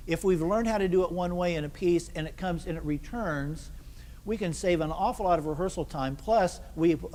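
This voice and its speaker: Brief: man rehearsing a wind band, slightly high voice, rehearsal hall with long reverb. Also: darkish tone. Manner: asks questions and answers them; counts the ensemble in. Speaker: band conductor. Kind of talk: rehearsal instruction.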